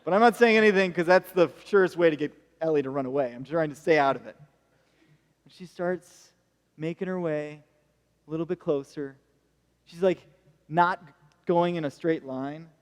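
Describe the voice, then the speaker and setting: A man's voice: on the high side, normal speed, long pauses, clear, resonant tone, big-room sound. A male American pastor preaching a sermon, telling stories with jokey asides. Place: church hall.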